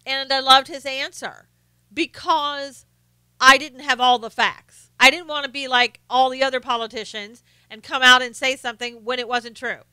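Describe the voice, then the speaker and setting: Bright, crisp-voiced woman streaming commentary. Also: high voice, fairly even intonation, moderate pace, dry recording. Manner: opinionated, greets viewers by name, frequent fillers and restarts. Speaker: live stream host reading chat. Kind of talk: casual political commentary.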